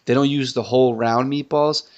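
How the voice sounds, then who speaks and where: A man's voice: medium pitch, steady tone, normal speed, darkish tone. A man co-hosting a gaming podcast in casual chat, talking up things in eager detail. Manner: chatty, talks up food in eager detail. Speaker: podcast co-host.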